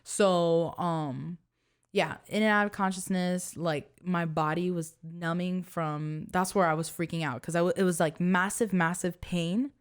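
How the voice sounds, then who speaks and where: A woman's voice: fairly even intonation, unhurried, smooth. A young woman co-hosting a podcast, telling a personal story in casual chat with lots of fillers and an earnest tone. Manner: earnest, many fillers, soft low-voiced reliving of fear. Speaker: podcast co-host.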